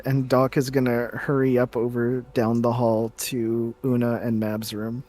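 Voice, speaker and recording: A man's voice: medium pitch, monotone, darkish tone. Man narrating his tabletop character. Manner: casual, halting third-person narration. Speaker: player. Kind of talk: tabletop role-play narration.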